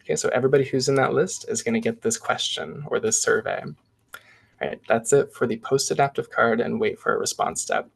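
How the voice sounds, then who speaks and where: A man presenting a live software demo, talking through each step in a casual, chatty way. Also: mid-range voice, a little fast, vocal fry, slightly rough.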